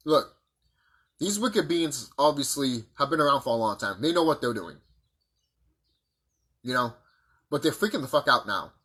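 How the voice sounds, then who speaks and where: A man delivering a profane, combative monologue full of rhetorical questions, with a husky voice. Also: medium pitch, expressive, measured pace, pauses often, bright, forceful tone. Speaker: vlogger. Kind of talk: ranting monologue to camera.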